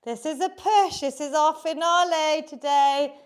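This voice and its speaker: A woman with a high, bright-pitched voice coaches a live online workout class. She talks at an unhurried, measured pace, and her cues stay upbeat and encouraging. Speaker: fitness instructor.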